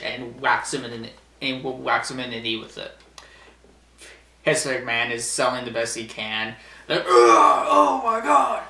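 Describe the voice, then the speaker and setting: A man's voice: medium pitch, sharp tone. A young man casually recapping a wrestling show, rambling, laughing often and acting out the wrestlers' lines. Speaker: wrestling vlogger. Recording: echoey room.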